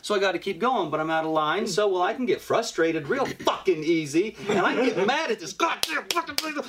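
A man casually telling a story on a podcast, animated and swearing, acting out what he said. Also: sits high, a little fast. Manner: animated, profane, acts out his own lines.

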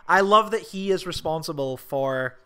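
A man co-hosting a casual film chat, tumbling through his thoughts with restarts and frequent swearing. His voice is bright and smooth, sitting a touch higher than most men's. He gets animated and excitable as he talks. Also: normal speed. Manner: rambling, swears often, excitable. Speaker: podcast co-host.

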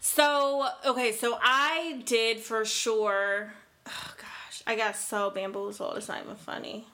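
Bright, playful woman podcast host. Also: a little high, steady tone, takes it slowly. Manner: playful, laughing, interjects. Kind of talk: casual chat.

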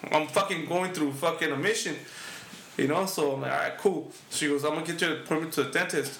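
A man's voice: a little high, quick pace, a bit bright, echoey room, slight background noise. A middle-aged man, telling a story on a podcast in casual, profanity-heavy English mixed with Spanish. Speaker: podcast co-host.

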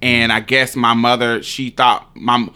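A young man telling a story in casual chat, animated and laughing, with sound effects. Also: medium pitch, measured pace, clean tone.

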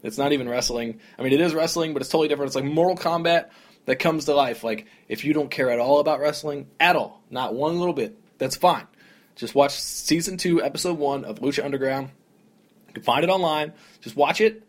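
A young man hosting a solo podcast, rambling casually with lots of "like" and "dude", in a relaxed, conversational way. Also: fairly high pitch, a little fast. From American South. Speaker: podcast host.

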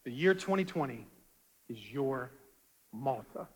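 A male pastor preaching a dramatic sermon, swinging from quiet low asides to loud rising appeals. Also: expressive, normal speed, pauses often, long reverb tail.

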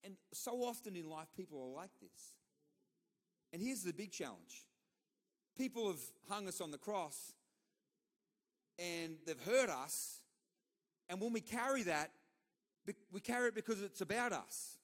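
A man's voice: high voice, lively intonation, moderate pace. A middle-aged man with an Australian accent delivering a sermon, telling personal stories in a conversational way with repeated, emphatic asides. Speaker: pastor.

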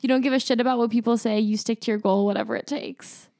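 Higher-pitched woman reading and chatting. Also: fairly even intonation, fast, mellow, no room sound, clean studio sound. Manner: laughs often, thoughtful, reads aloud with comments. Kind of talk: casual chat, reading answers aloud.

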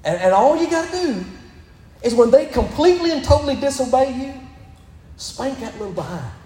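Emphatic high-voiced pastor preaching in a hall. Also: male voice, sing-song, fairly quick, warm tone. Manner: emphatic, repeatedly urging "listen". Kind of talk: sermon. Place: church sanctuary. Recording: echoey hall.

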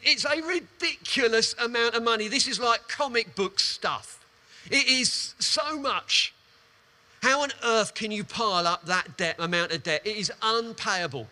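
A preacher delivers a sermon in a high, ringing voice with a bright, cutting edge. He retells a parable as animated storytelling, often doubling his words in quick, emphatic repetitions to drive each point home.

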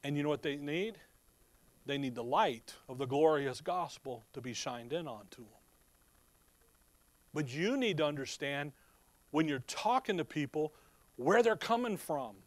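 A man's voice: a little high, animated, unhurried, pauses often, no echo. A man preaching a sermon in a conversational, storytelling way. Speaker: pastor.

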